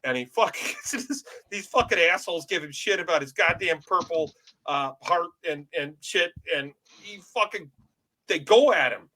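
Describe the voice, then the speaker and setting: Loud cussing podcast host guy, bright voice, big personality. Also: a little high, animated, normal speed. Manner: brash, loud, profane, self-described big personality. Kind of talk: casual podcast chat.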